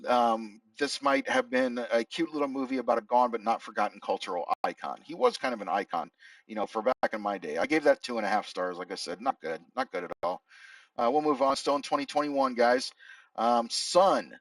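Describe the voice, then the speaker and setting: Here the same kind of film chat comes from a middle-aged man who rambles, reads his own reviews aloud and keeps fixing what he says partway through. His mid-range, somewhat bright voice swings widely in pitch at a brisk clip. Poor, dry audio without room sound, picked up from a distance.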